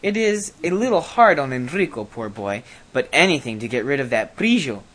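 A storybook reader voicing a scheming, self-serving old king who gives brisk, bossy orders. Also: medium pitch, big pitch swings, a bit bright, low-quality recording.

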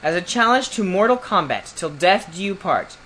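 A reader doing an eager, shouting young prince. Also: medium pitch, wildly swooping pitch, fast, slight background noise, voice pushed up. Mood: challenging. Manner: calling out eagerly. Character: young prince, bold and excitable.

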